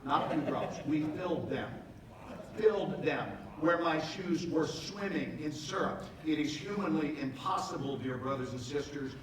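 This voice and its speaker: A man in his sixties giving a live motivational talk, telling comic stories in a playful, animated way with bursts of emphasis. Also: a little high, normal speed. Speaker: motivational speaker. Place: large event hall before a live audience. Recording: echoey hall, from far off, with noise.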